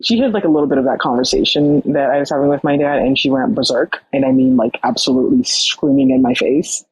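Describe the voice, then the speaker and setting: Young woman podcast guest, casual storyteller, husky breathy voice, dead-dry recording. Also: extremely low pitch, quick pace, no echo, low-quality recording. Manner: animated, frequent fillers and quoted dialogue.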